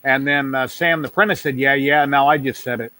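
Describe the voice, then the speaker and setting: A man's voice: mid-range voice, a little fast, sharp tone. A middle-aged man hosting a casual video call hangout, talking in a rambling, folksy way and often saying "yeah, yeah". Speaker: host.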